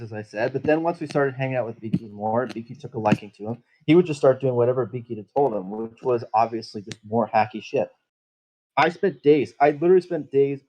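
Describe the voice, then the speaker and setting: A man's voice: mid-range voice, a little mellow, slight background noise, low-quality recording. A man playing a tabletop game, telling his character's backstory in first person, bitter and full of swearing. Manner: profane, bitter, rambling storytelling.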